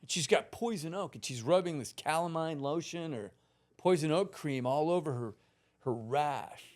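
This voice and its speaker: A man around sixty, a podcast guest telling a long personal story in a casual, animated way, swearing freely and laughing through it. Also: fairly high pitch, moderate pace. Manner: animated, profane, laughs through his stories.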